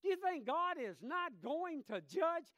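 A man preaching a sermon with passion, dropping to a hush and then rising loud, and reading scripture aloud in old wording. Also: very high-pitched, sing-song, unhurried, dry recording, clean studio sound. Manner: impassioned, swinging from hushed to loud; reads scripture aloud in King James wording.

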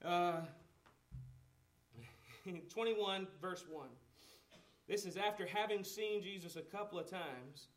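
A man's voice: high voice, takes it slowly, pauses often. A man preaching a sermon as a pastor, talking conversationally, asking the congregation questions and acting out the lines of the people in the story.

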